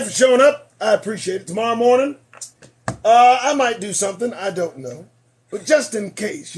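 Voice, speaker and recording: A man hosting a late-night commentary show, losing his voice, emphatic and preachy, repeating lines for effect and swinging between shouting and muttering. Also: high-pitched.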